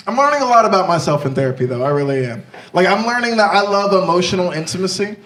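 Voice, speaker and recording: A man's voice: high-pitched, fast talker, few pauses, a crowd in the background. Brash young man doing stand-up. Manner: brash, animated, confessional. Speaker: stand-up comedian. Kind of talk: stand-up comedy set. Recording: roomy echo, mic far off, noisy.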